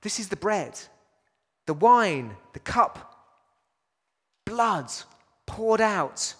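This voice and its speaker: A man's voice: high-pitched, sing-song, very slow, fairly bright tone, husky. Man preaching in an echoing hall. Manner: conversational preaching, many fillers and restarts, rhetorical questions. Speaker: pastor. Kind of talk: sermon.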